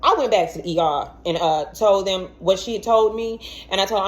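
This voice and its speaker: A young adult woman telling a personal story to camera in a casual, animated way, acting out what others said and stumbling over repeated words. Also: mid-range voice, a little fast. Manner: animated, acts out quoted voices, stammers and repeats words.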